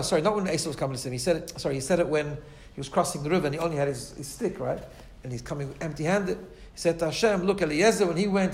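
Chatty man teaching with an Ashkenazi accent. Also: high voice. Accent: Orthodox Jewish English with Ashkenazi Hebrew. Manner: chatty, repeats words, frequent "right?" checks. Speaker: Torah teacher. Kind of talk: Torah class, explaining Hebrew texts.

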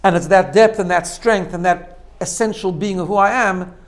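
A male teacher with a high voice and steady tone delivers a self-growth lesson at a moderate pace. He explains each step in turn, frequently adding "right?" and repeating himself.

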